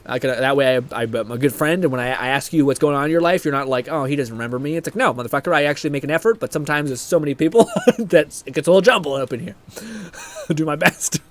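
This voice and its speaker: A man's voice: a little high, fast. A young man streaming live, chatting casually, reading chat aloud, laughing often and swearing freely.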